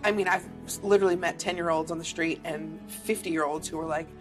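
A woman's voice: sits low, steady tone, a little fast, over music. A middle-aged woman, an actress, telling stories in an interview in a chatty way, full of "like", acting out the voices in her anecdotes. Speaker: actor and singer, interview guest. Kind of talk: animated storytelling in a sit-down interview.

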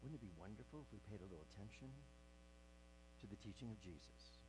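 A man preaching a sermon as pastor, swinging from hushed near-whispers to loud, emphatic preaching. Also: on the low side, animated, fast talker, noisy background.

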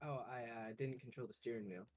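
A man's voice: medium pitch, fairly quick, darkish tone, no echo. A man chatting casually with a friend during a game, laid-back and bemused. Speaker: co-player. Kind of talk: casual gameplay chat.

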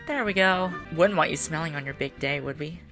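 A woman chatting casually while playing a game, her voice hoarse and tired, rambling with fillers and laughs. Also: deep voice, a little fast, a bit bright, faint music behind. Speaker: gaming video creator. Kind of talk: casual gameplay commentary.

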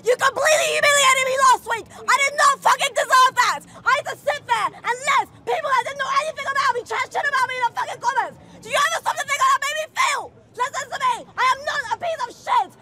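A woman shouting furiously and swearing in a tearful street confrontation in a public park. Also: extremely high pitch, quick pace, few pauses. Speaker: debate participant. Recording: crowd noise outdoors.

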